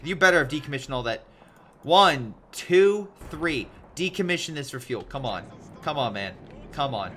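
A man giving chatty, animated play-by-play commentary on a strategy game replay, with lively asides to his viewers. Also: mid-range voice, fast talker, breathy edge. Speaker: video game replay caster.

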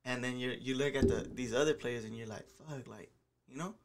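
A man's voice: medium pitch, steady tone, fairly quick. A man talking casually on a podcast about playing soccer, slangy and profane with lots of filler words. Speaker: podcast guest, soccer player.

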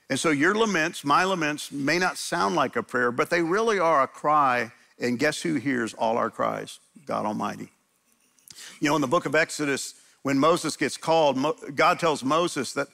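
A man's voice: a little high, animated, normal speed, creaky, bright, forceful tone. A man pastor preaching a sermon in a church, conversational and emphatic, often restarting his sentences.

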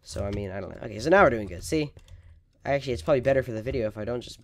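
A man's voice: medium pitch, expressive, rapid-fire, slight background noise. Melodramatic stammering man gaming. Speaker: gaming video host. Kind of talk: casual gameplay commentary. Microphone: desk microphone, sometimes leaning away from it.

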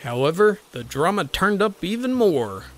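A woman's voice: on the low side, big pitch swings, moderate pace. A woman narrating her own story in a wry, mock-epic, dramatic telling.

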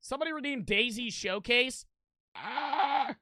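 A young man riffing casually on a live stream, profane, blunt and animated as he reacts to a video and reads out donations. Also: very high voice, a little slow, dry recording.

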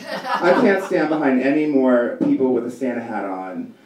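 A man's voice: medium pitch, sing-song, normal speed, a loud crowd. A man in his thirties doing a stand-up comedy set, ranting in an exasperated, profane way. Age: 30s. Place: comedy club stage before a live audience. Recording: echoey room, distant mic, loud audience laughter.

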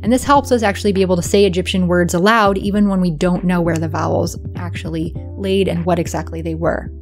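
A woman hosting an educational video, explaining patiently and clearly and often checking in with the viewer. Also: on the low side, fairly even intonation, fast talker, a little mellow, soft background music.

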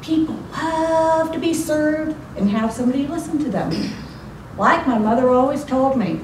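A woman in her forties delivers a motivational contest speech in a high voice, with a theatrical, emphatic delivery. She is recorded from the back of an echoey club room, so her voice sounds distant. Background noise runs underneath. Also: expressive, moderate pace. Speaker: contest speaker. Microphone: far room mic. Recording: echoey room from far off, noisy.

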